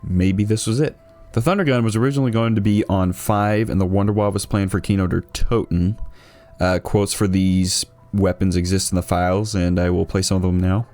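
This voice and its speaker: A man giving laid-back commentary on a video game, musing aloud with easy fillers. His voice sits low, with faint music playing behind him. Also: fairly even intonation, brisk, darkish tone. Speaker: YouTube host. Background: background music.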